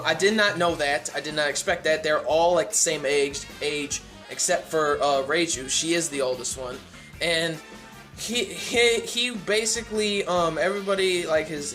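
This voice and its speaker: Casual male reviewer, a bit high-pitched, loose and rambling delivery. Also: a bit bright. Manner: rambling, many "like" fillers and restarts. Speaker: manga chapter reviewer. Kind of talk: casual chapter review vlog.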